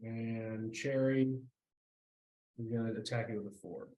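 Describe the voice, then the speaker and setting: A man running a tabletop game as game master, talking slowly and pausing often on fillers. His voice sits in the middle range. The room gives it a noticeable echo. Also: medium pitch, fairly even intonation, mellow. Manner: halting, many fillers.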